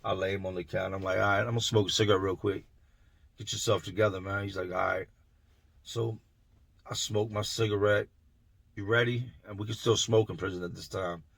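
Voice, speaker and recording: Male storyteller, middle-aged, deep gravelly voice, dry close sound, streetwise and conversational. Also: steady tone, fairly quick, a bit bright, no echo. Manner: streetwise, conversational, quotes others in his own voice. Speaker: storyteller, former prison tattoo artist. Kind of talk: casual storytelling.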